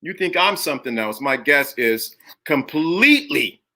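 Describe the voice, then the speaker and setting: A man's voice: fairly high pitch, animated, a little slow, sharp tone. A man hosting a live-streamed talk show, speaking emphatically, greeting chat viewers by name and repeating phrases for effect. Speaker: livestream host.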